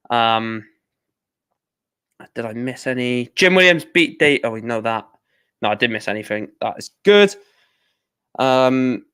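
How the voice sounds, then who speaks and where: A man's voice: medium pitch, fairly bright tone, clean tone. A young man hosting a casual livestream, reading out match scores and rambling and correcting himself as he goes. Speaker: livestream host.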